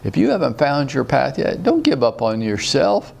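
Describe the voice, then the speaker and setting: A man gives an animated, rallying coaching talk full of rhetorical questions. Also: medium pitch, normal speed, creaky, slight background noise. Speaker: real estate sales coach. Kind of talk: motivational training talk.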